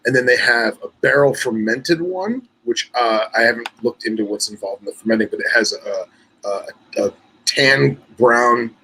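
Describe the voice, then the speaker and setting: A man co-hosting a podcast, chatting in a relaxed, self-mocking way. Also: mid-range voice, normal speed, a little hiss or hum, rough recording. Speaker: podcast co-host. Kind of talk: casual chat.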